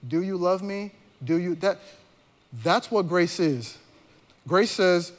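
High-voiced male pastor preaching casually. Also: takes it slowly. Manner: conversational and slangy, with many restarts. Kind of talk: sermon.

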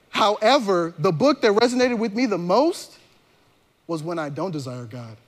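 A man's voice: high-pitched, sing-song, moderate pace, a bit bright. A male pastor preaching a sermon in a conversational, slangy way, often restarting his sentences.

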